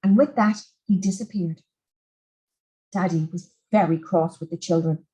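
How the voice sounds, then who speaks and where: A woman reading a children's farm story aloud in an expressive, animated storybook style. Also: fairly low pitch, unhurried, rough recording.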